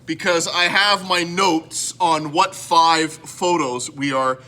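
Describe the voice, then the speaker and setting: A man's voice: on the high side, steady tone, slow. A man from Canada hosting a casual home vlog, rambling and joking at his own expense. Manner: rambling, self-mocking, jokey. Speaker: host.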